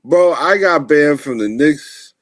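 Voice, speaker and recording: A man's voice: fairly high pitch, animated, takes it slowly, a bit bright, no echo. A man co-hosting a podcast who talks in a blunt, opinionated way, often ranting in casual sports chat. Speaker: podcast co-host.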